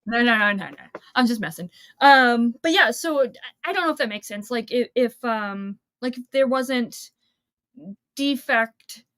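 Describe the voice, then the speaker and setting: Bright-voiced woman chatting about books. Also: on the high side, expressive, a little slow, no echo. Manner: chatty, rambling with many fillers. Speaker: book channel host. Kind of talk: casual chat about a book.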